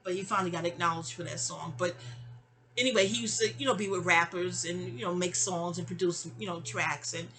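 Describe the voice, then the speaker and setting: A woman in her fifties telling a long, rambling personal story, animated and digressive, with frequent exclamations. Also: fairly low pitch, a little fast. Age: 50s. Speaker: vlogger.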